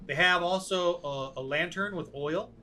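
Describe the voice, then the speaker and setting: A man running a tabletop game as game master, explaining things in a relaxed way with many fillers. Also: high voice, a little slow.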